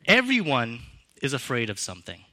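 Lively, bright-voiced male preacher. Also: moderate pace. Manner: expressive, varies pitch and loudness for emphasis. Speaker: pastor. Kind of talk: sermon.

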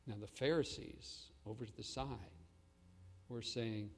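A man preaching a sermon as pastor, swinging between loud proclamation and hushed asides. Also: medium pitch, unhurried, in a large hall.

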